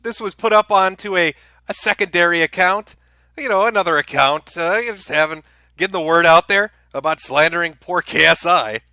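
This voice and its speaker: A man's voice: high voice, normal speed, sharp tone, dry recording. A man hosting a live stream, giving casual commentary in a sarcastic, profane, ranting way. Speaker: streamer host.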